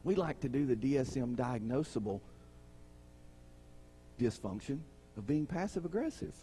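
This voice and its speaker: A man's voice: medium pitch, lively intonation, moderate pace, dark tone, a little hiss or hum. A man preaching a sermon. He talks in a conversational way, asks the congregation questions and acts out the people in his stories. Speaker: pastor.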